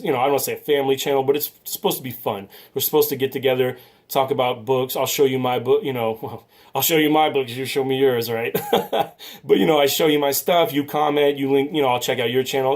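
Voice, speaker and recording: A man venting in a casual vlog about a collectible he says was damaged, frustrated and ranting, with sarcastic asides. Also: mid-range voice. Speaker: comic book collector vlogger.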